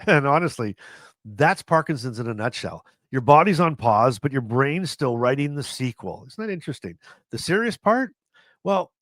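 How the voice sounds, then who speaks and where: A man's voice: medium pitch, fairly bright tone, dry recording. A middle-aged man from Canada telling funny stories to camera in a casual vlog, chatty and self-mocking, often laughing and restarting his sentences. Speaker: vlogger.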